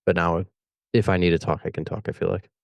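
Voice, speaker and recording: A man's voice: low-pitched, fairly even intonation, fast, gravelly, dry recording. A man, a police officer, chatting on a podcast in a rambling way full of restarts and "like.". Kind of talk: casual podcast chat.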